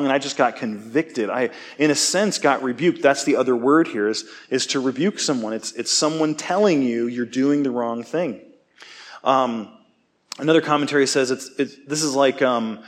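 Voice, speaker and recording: Man preaching a casual, chatty sermon. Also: mid-range voice. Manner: casual, self-deprecating, asks "okay?" often. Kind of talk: conversational sermon.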